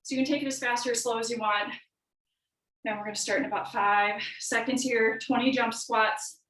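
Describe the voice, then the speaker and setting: High-voiced woman coaching a workout class. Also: fairly even intonation, moderate pace, fairly bright tone. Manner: encouraging cues and countdowns. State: a little out of breath. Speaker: fitness coach. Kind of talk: live workout class instruction. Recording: echoey room, from far off.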